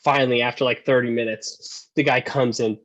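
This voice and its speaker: A man telling stories as a podcast guest, animated and profane, acting out the voices he quotes and laughing as he goes. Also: mid-range voice, fairly quick, lo-fi sound. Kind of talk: casual storytelling.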